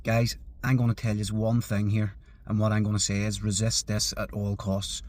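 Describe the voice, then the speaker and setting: A man's voice: fairly low pitch, completely flat delivery, moderate pace, a little mellow. A man making an earnest, urgent appeal to his viewers, pleading with frequent fillers. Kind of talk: earnest social media appeal.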